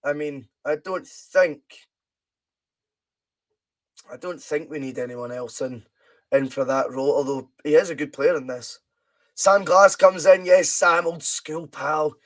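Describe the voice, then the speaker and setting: A Scottish man hosts a relaxed live stream, his voice pitched slightly above the usual male range. He banters easily and reads out viewer comments as he plays a football management game. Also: normal speed. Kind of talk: casual live-stream chat.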